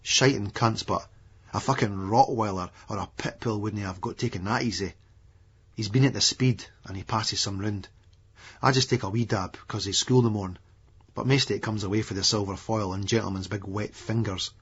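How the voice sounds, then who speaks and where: Husky Edinburgh man narrating. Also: fairly low pitch, fairly even intonation, normal speed, a bit bright. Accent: Scottish, Edinburgh. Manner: blunt, foul-mouthed first-person storytelling. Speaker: audiobook narrator. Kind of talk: unabridged audiobook narration. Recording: dull lo-fi remastered audiobook recording.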